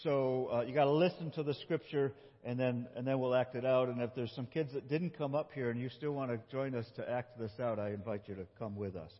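A man's voice: medium pitch, fairly quick, few pauses. A male pastor giving a playful children's sermon, guiding kids as they act out a scripture story. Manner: playful, animated, talks with children. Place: church sanctuary. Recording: dull recording in a big reverberant church.

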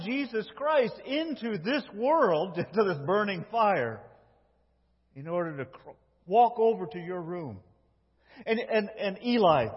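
High, husky-voiced preacher in a reverberant hall. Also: male voice. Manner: emphatic preaching, swings between loud and hushed. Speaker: pastor. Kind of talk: sermon. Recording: dull lo-fi with long hall reverb.

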